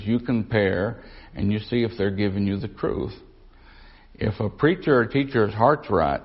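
Folksy male preacher teaching scripture to his class, lowish voice, muffled old recording. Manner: folksy, repeats himself, asks the room questions. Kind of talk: conversational Bible teaching. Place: church or Bible class. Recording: dull lo-fi recording.

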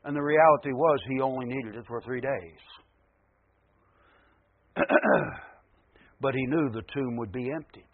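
A man preaching a sermon, building to loud emphatic peaks and then dropping low again. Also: measured pace, long pauses, dry recording, narrow, tinny audio.

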